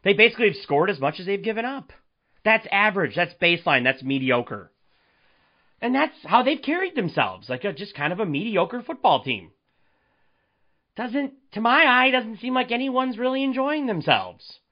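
Male solo podcast host, animated rant full of rhetorical questions, slightly muffled recording. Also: high voice, moderate pace. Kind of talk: solo sports commentary podcast.

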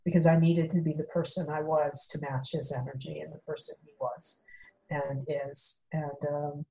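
Middle-aged woman, slightly low voice, casual storyteller who acts out dialogue. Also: normal speed, vocal fry, low-quality recording. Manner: animated, acts out quoted dialogue, many fillers. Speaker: guest telling a personal story.

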